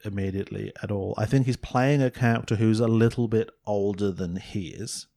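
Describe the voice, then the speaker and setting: A man's voice: lowish voice, steady tone, fairly quick, dark tone. A man co-hosting a film podcast, chatting casually with jokes and frequent restarts. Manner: joking, rambling, with restarts. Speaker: podcast co-host.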